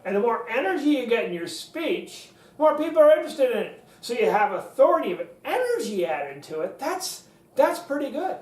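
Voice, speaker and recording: A man giving a lesson on public speaking, acting out what he teaches with sharp rises and drops in his voice. He sits a little back from the microphone in a room with a clear echo. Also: big pitch swings, brisk, hardly any pauses, recorded from a distance. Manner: demonstrative, swings pitch up for energy and down for authority. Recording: echoey room, voice from off the mic.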